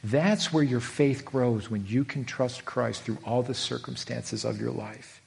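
A man's voice: mid-range voice, unhurried, gravelly, a little mellow. Man, middle-aged pastor, earnest sermon delivery, acts out quoted voices.

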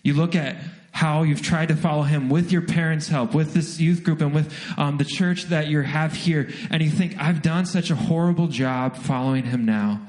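Man, young adult, pastor, sermon, lively storytelling, fairly high voice. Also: moderate pace. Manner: animated, self-deprecating storytelling with acted asides.

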